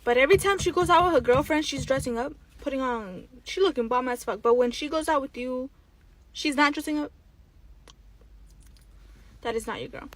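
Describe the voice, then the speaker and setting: A woman gives dating advice straight to the camera and drives each point home with sassy repetition. Her voice sits fairly high. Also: normal speed, pauses often, no room sound. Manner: emphatic and sassy, repeating points.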